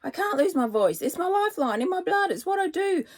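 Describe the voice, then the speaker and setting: A woman voicing a young female banshee who is losing her voice, croaky and panicky. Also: medium pitch, fairly quick, darkish tone, close to an everyday voice. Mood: panicked. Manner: panicky and wailing.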